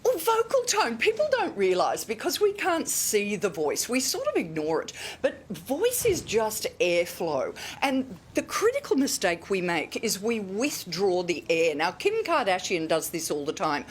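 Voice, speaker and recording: A middle-aged Australian woman speaks as an expert guest, her pitch leaping and dropping to show what she means. She talks with emphatic, demonstrative energy. A faint low rumble sits under the recording. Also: huge pitch swings, measured pace, few pauses. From Queensland, Australia. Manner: emphatic, demonstrative, swooping pitch to illustrate points. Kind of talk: expert explaining on a TV morning show.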